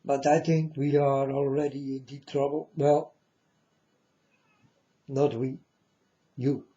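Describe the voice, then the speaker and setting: Slow mournful man, dark and muffled. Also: medium pitch, level tone. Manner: slow, mournful, repeatedly addresses listeners as folks. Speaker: self-styled prophet. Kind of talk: prophetic warning monologue. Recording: dull lo-fi audio.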